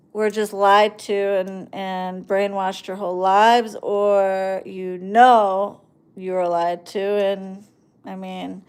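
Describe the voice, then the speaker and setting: A woman's voice: mid-range voice, a little mellow, smooth. A woman hosting a live stream, talking to her viewers in a sarcastic, ranting, mocking monologue.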